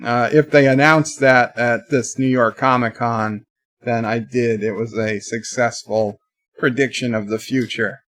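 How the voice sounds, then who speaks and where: A man hosting a casual livestream, rambling through a story with animated outbursts and reading viewer chat aloud. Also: medium pitch, a little slow. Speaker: live stream host.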